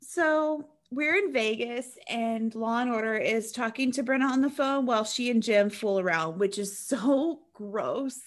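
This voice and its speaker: A woman co-hosting a casual podcast, recapping a movie plot in a chatty, animated way with sarcastic asides. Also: on the high side, measured pace, hardly any pauses. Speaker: podcast co-host recapping a film. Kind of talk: casual chat.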